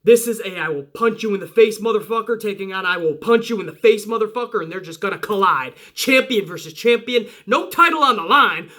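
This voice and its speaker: A young man reviewing a wrestling show in casual, excited commentary, emphatic and full of swearing. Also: high-pitched. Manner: profane, emphatic, hype-driven.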